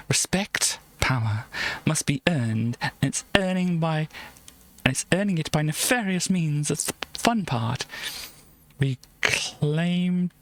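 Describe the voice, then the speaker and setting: Woman, streamer, casual chat, giggly, trailing asides. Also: low voice. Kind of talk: casual live-stream chat reading an old games magazine.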